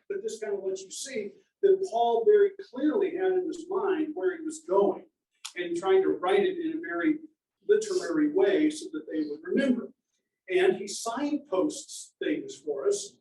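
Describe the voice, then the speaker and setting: A man's voice: very high-pitched, warm tone, roomy sound, distant mic, rough recording. A man teaching a Bible lesson in a conversational sermon style, sometimes acting out quoted voices.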